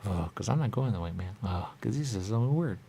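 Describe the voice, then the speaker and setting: A man's voice: lowish voice, animated, quick pace, gravelly, mellow, a little hiss or hum. A man talking on in a rambling, repetitive monologue as a radio show host, looping back to the same catchphrases.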